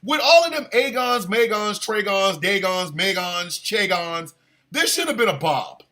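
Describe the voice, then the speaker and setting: Guy doing a goofy rant, bright sharp voice, swoops way up and down, breaks into shouts. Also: high voice, a little slow. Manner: animated, exaggerated, bursts of shouting; crude, playful. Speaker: show host. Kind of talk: comedic rant.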